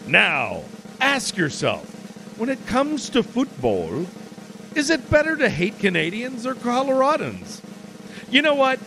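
A man putting on a grand mock announcer voice to open the show, with slow swooping delivery. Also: very high-pitched, huge pitch swings, vocal fry, noisy background, voice pushed up, exaggerated voice. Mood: grandiose. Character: booming male show announcer.

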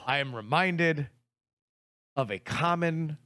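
High-voiced man telling a profane story. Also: slow pace, no room sound, clean studio sound. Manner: profane, animated, acts out his own anger in quotes. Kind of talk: casual comedic storytelling.

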